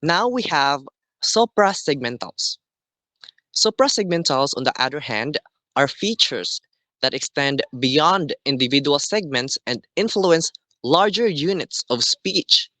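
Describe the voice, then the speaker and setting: A man teaching a class, explaining slowly and deliberately and often checking in with "okay". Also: a little high, animated, pushed and bright, no echo. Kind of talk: classroom lesson.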